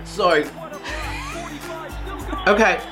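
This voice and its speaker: A man's voice: sits high, extremely slow, pushed and bright, faint music behind. Camp, profane man hosting a comedy show. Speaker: host. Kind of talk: comedic cooking chat.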